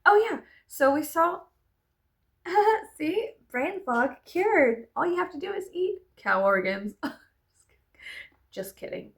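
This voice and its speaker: A woman's voice: extremely high pitch, very animated, takes it slowly, long pauses. A young adult woman chatting casually in a vlog, rambling, laughing often and swearing freely. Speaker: vlogger.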